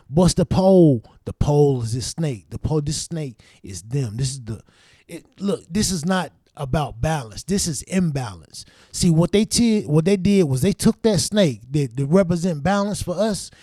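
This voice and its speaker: A man hosting his own show, telling a story in a casual, profane, animated way and acting out his younger self's reactions. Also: a little high, no room sound, studio quality. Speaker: show host.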